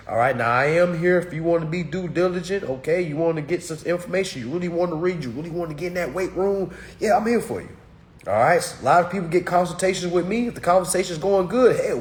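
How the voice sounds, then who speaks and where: A man, giving a blunt, preachy talk to his course students that swings between loud and muttered. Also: on the high side. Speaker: course teacher. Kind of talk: blunt motivational rant.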